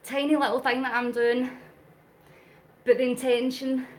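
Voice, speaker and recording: A woman's voice: high-pitched, level tone, a little slow. A woman chatting earnestly on a live stream while riding an exercise bike, slightly out of breath and talking to viewers by name. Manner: earnest, emotional, reads out viewer comments. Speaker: vlogger doing a live charity cycle.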